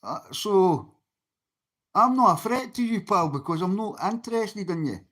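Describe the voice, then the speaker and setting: A man's voice: sits high, lively intonation, measured pace, a bit bright. Sweary Scottish man talking to chat. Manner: sweary, blunt, talks straight to chat. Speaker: livestreamer. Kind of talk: casual livestream chat.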